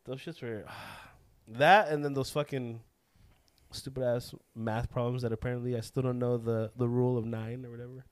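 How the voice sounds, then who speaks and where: Young male co-host, middle pitch, blunt and profane, deadpan banter. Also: normal speed, smooth, dry recording. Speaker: podcast co-host. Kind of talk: casual chat.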